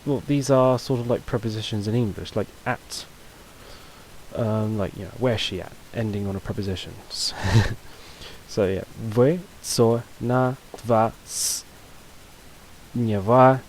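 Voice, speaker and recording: A man's voice: lowish voice, normal speed, a little mellow, slight background noise, low-quality recording. A man teaching a casual video lesson, talking loosely with fillers and restarts. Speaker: language teacher.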